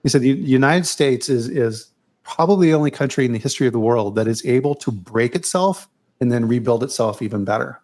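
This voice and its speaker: Podcast host, middle-aged man, easygoing storyteller, mid-pitched voice. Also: a little fast. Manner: relaxed, repeats words, tells anecdotes. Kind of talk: casual conversational chat.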